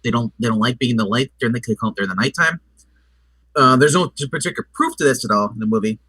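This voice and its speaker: Bright-voiced man, a bit off-mic. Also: mid-range voice, breathy edge, no room sound, distant mic, poor audio. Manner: halting, stammering, acts out scenes. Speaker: movie review co-host. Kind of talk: casual movie review chat.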